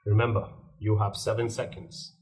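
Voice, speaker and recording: A man, a leadership coach, giving a measured, emphatic instructional talk with deliberate pauses. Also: fairly low pitch, little pitch movement, a little mellow, poor audio. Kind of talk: scripted instructional monologue.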